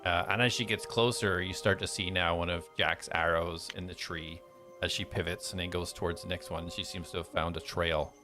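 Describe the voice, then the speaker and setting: A man's voice: low-pitched, steady tone, normal speed, pushed and bright, soft background music. A man narrating a tabletop game as game master, describing scenes loosely with many fillers.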